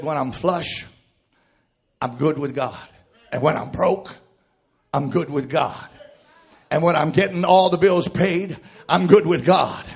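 A man preaching a sermon, shouting in a chanted cadence that drops to quiet reading of scripture. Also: on the high side, gravelly, breathy edge.

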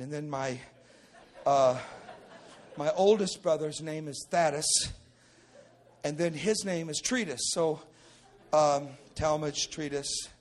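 A middle-aged male pastor telling a testimony in a sermon, moving from low storytelling into shouted preaching.

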